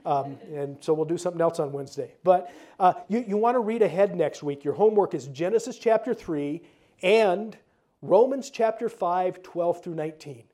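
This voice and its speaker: A man's voice: high-pitched, normal speed, mellow. A male pastor preaching a conversational sermon, with casual asides and repeated words.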